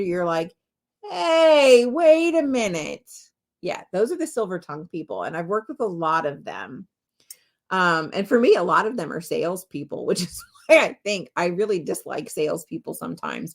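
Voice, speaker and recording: Candid, chatty woman with a lowish voice. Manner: chatty and candid, swears freely, laughs often. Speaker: podcast host and spiritual medium. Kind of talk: casual solo podcast talk.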